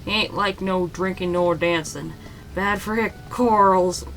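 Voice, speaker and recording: A woman's voice: fairly high pitch, normal speed, sharp tone, soft background music, poor audio. A woman voicing a boastful, drunken male sailor who rambles in old-timey sailor slang. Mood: drunken bragging.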